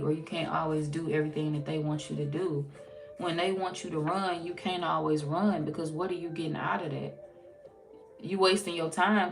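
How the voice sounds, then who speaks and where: Low raspy lady reading tarot, talks like she's chatting with a friend, acts out what people say. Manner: chatty, acts out quoted dialogue, swears. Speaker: tarot reader.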